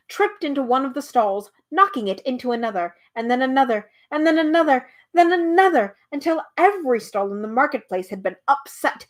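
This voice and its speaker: A woman hosting a live read-aloud, narrating a storybook with animation and chatting casually with viewers; her voice is a little tired. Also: a little high. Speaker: host reading a book aloud.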